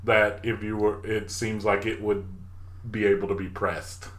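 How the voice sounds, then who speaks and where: A man's voice: fairly low pitch, level tone, a little slow, a bit bright. A man narrating a tabletop game scene in a matter-of-fact way.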